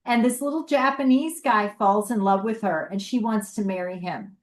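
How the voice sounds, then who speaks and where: A woman's voice: mid-range voice, echoey room. A woman co-hosting a podcast, chatting casually about an old TV show and recounting a favorite episode. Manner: chatty, encouraging, quick to laugh along. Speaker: podcast co-host. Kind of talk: casual retro TV chat.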